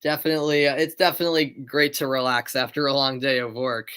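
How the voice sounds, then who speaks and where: Bright, chatty young commentator. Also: male voice, medium pitch, flat delivery, fast, hardly any pauses, clear, resonant tone. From United States. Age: young adult. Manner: chatty, reads live chat aloud between calls. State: tired. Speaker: play-by-play commentator. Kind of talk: live amateur football commentary with chat.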